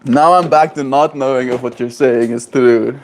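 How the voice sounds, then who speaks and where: A man's voice: mid-range voice, steady tone, normal speed, a little hiss or hum. A man live-streaming from home in a playful, silly way, chatting casually and answering viewers' comments. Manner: playful, silly, reads chat aloud. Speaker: livestreamer.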